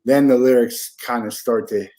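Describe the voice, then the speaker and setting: A man's voice: mid-range voice, fairly even intonation, normal speed, mellow. A man in his forties hosting a podcast interview, talking in an easygoing, rambling way. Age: 40s. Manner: easygoing, rambling, with repeated words and fillers. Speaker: podcast host. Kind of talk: casual interview chat.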